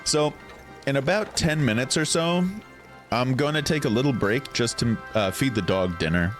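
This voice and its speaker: A man's voice: medium pitch, normal speed, faint music behind. A young man giving casual game commentary with wry, self-deprecating asides. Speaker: streamer.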